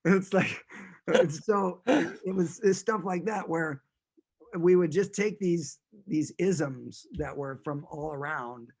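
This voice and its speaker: Animated man, a bit high-voiced. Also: takes it slowly, vocal fry. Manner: animated, laid-back storyteller. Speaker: guest musician. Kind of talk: casual interview storytelling.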